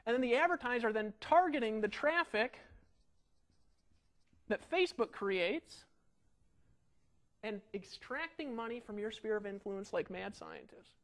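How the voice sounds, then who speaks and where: A middle-aged man giving an energetic marketing webinar, animated and ranting, full of rhetorical questions. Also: sits high, unhurried, pauses often. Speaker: online marketing instructor.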